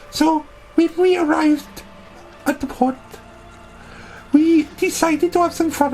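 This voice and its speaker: A woman with a high voice spins a comic audio story in character. She sounds brash and boastful and rambles from one point to the next. Faint music plays quietly behind her. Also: low-quality recording.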